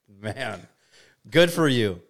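Male podcast host, relaxed, quick interjections and follow-ups, mid-pitched voice. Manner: short, reactive interjections and questions. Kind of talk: casual interview chat.

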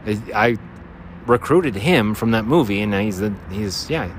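A man's voice: fairly low pitch, expressive, normal speed. A man with a nasal voice rambles through a casual podcast monologue. He jokes at his own expense and wanders from thought to thought. Faint traffic hums behind him outdoors. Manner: rambling, self-deprecating, jokey. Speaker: podcast host. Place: outdoors by a freeway. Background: traffic and motorcycles.

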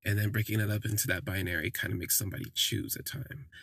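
Reflective man with a creaky husky voice. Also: fairly low pitch, steady tone, quick pace, a bit bright, no room sound. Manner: reflective, hesitant, frequent restarts. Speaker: storyteller. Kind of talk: first-person storytelling podcast.

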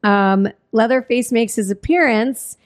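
Brief: woman podcaster, animated storyteller, swears freely, acts out quotes. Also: fairly high pitch, measured pace. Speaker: podcast co-host recapping a film. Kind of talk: casual chat.

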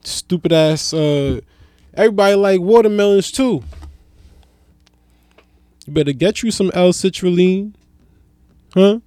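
A young adult man doing a stand-up comedy monologue. He is profane, loose and rambling, and jumps between loud outbursts and low mutters. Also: a little slow, long pauses, smooth, no room sound, clean studio sound.

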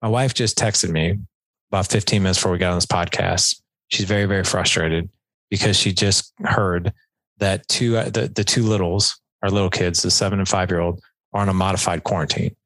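A man with a fairly low voice talks through relationship advice as a podcast guest, loose and conversational, often slipping into quick acted-out lines of dialogue. The recording is dry and close, with no room sound around him. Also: steady tone, a bit bright, no echo. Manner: conversational, filler-heavy, acts out quoted dialogue. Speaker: podcast guest, men's coach.

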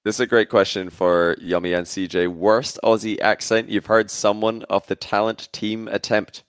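A man's voice: lowish voice, level tone, normal speed, smooth, no echo, studio quality. A man hosting a casual podcast, reading out listener questions in an easygoing, teasing way.

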